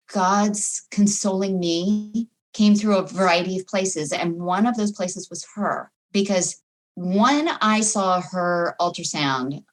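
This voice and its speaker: Low-voiced woman sharing a grief story. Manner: emotional, reflective storytelling. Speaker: guest. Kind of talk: personal testimony in a podcast interview.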